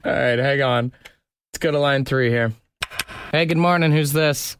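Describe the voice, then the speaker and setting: A man's voice: mid-range voice, moderate pace, a bit bright, clean tone. A man from Canada hosting a morning radio show, upbeat and laughing often as he runs a call-in game. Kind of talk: casual morning radio banter.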